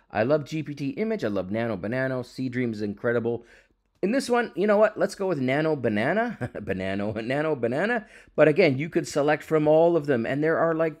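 A man hosting a software tutorial, talking casually and with big enthusiasm as he clicks through the screen. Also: mid-range voice. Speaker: tech YouTube host.

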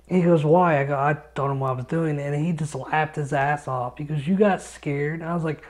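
A man co-hosting a podcast from his home studio, telling stories in a casual, excitable way and swearing often. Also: a little high, a little fast. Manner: excitable storyteller, swears a lot. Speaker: podcast co-host.

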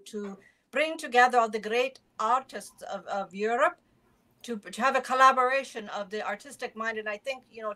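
A woman's voice: on the high side, bright, forceful tone. Brief: woman hamming a clumsy, earnest male painter, stumbling speech, mock German accent. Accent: put-on German-ish accent. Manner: stammering, earnest, comic. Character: bumbling male Dutch painter with a hurt ear.

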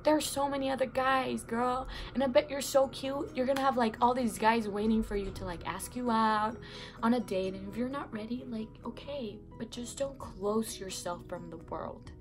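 A woman's voice: fairly high pitch, moderate pace, soft background music. A young woman giving casual breakup advice in a vlog, chatty and rambling, with many fillers and self-corrections, sounding a bit sick and congested from her bedroom. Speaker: vlogger. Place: bedroom at home.

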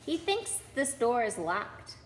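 A woman voicing a young schoolboy in a storybook reading, hushed and pleading. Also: a little high, sing-song, takes it slowly, slight background noise. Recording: roomy with long reverb.

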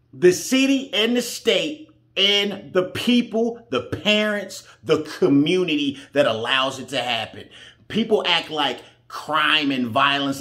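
A man with a fairly high voice, talking bluntly and with heat. He swears freely and drives his points home like a sermon, giving his own reaction commentary. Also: fairly bright tone. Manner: blunt, heated, profane, preachy. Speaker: reaction show host.

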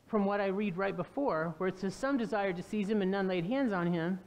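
A woman's voice: mid-range voice, fairly quick. A woman pastor preaching a sermon, telling the story with animation and putting questions to the congregation. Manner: animated storytelling, acting out quoted voices.

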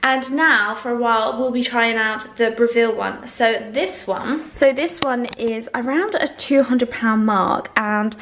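A young woman talks through her day in a casual home vlog. Her voice sits fairly high, and she sounds bubbly and effusive, laughing often between thoughts. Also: measured pace, few pauses, a bit bright, slight background noise. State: out of breath. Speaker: lifestyle vlogger.

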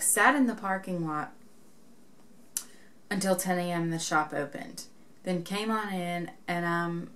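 A woman's voice: on the low side, a bit bright. Chatty young woman telling a story. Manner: chatty, retells events acting out quoted dialogue. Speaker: knitting vlogger. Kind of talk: casual storytelling to camera.

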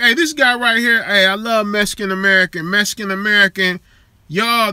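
A man's voice: high-pitched, pushed and bright, dry recording. A man hosting a live show, chatting casually and profanely with viewers in a streetwise way.

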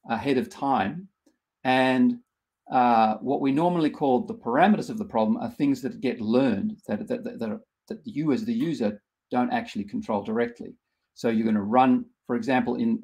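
A middle-aged man leads a live online workshop, explaining ideas patiently and step by step. His voice has a gravelly edge and sits at an ordinary middle pitch for a man. He trips over his words often, backing up and restarting his sentences as he thinks aloud. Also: darkish tone. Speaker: workshop instructor.

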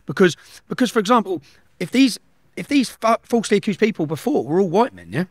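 A man's voice: sits high, lively intonation, fast talker, no echo, clean studio sound. A middle-aged man, telling a story at speed in an interview and acting out the dialogue. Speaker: guest.

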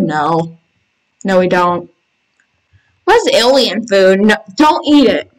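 Slow-talking excitable gamer woman. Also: medium pitch, low-quality recording. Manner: excitable, reads game text aloud, squeals in panic. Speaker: gaming channel host. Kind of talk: casual let's-play commentary.

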